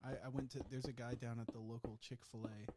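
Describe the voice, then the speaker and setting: Laughing, swearing podcast host, noisy line. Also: male voice, mid-range voice, little pitch movement, fairly quick. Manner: laughs often, swears freely. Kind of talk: casual chat.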